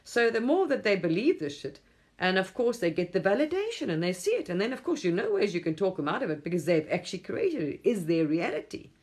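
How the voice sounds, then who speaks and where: A woman's voice: medium pitch, very animated, fast talker, a little mellow. A middle-aged woman from England hosting a casual late-night livestream on her phone, rambling and chuckling often. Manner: rambling, chuckles often, mimics voices in quotes. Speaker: livestream host.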